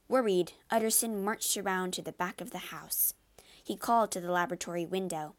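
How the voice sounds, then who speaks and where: A woman narrating a classic story in a measured, expressive storybook reading. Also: fairly low pitch.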